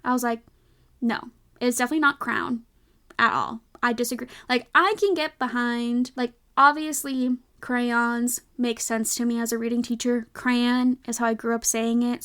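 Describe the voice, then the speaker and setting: A woman's voice: fairly high pitch, creaky, a bit bright. A woman hosting a casual podcast, a reading teacher talking in a chatty, playfully opinionated way full of fillers. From United States. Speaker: podcast host.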